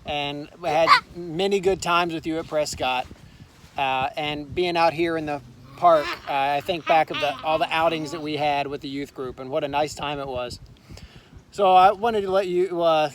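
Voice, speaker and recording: A man's voice: fairly high pitch, moderate pace, a little hiss or hum. A man recording a friendly video message outdoors in a park, with frequent fillers. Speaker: former youth group member giving a tribute.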